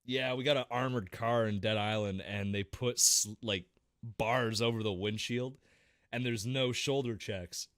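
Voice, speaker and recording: A man co-hosting a casual gaming podcast, telling stories in an animated way and swearing constantly. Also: medium pitch, measured pace, no echo, clean studio sound. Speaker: podcast co-host.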